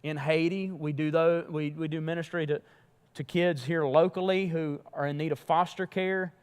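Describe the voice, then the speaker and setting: A man pastor preaching a sermon in a church, emphatic, rising and falling in loudness. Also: on the high side, fairly even intonation, moderate pace, clean tone. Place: church sanctuary. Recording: long hall reverb.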